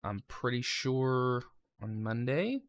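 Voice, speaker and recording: A young man recaps his conductor training in a loose, rambling vlog, cursing casually and restarting his sentences. His pitch swings widely as he talks. The sound is dry and close, with no room echo. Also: animated, takes it slowly.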